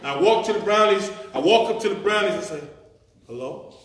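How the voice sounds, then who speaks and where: A man telling a comic story live on stage, animated and loose, swearing and laughing through his lines. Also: high-pitched, fast talker. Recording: echoey venue, mic from far off.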